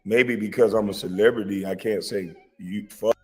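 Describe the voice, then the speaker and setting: An American man talks through his grievances in a loose, repetitive rant, cursing freely. His voice sits low. The sound carries a long reverb, with faint music underneath. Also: steady tone, moderate pace, slightly rough. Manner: aggrieved, repetitive, swearing freely. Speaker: commentator reacting to a clip. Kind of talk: casual reaction commentary.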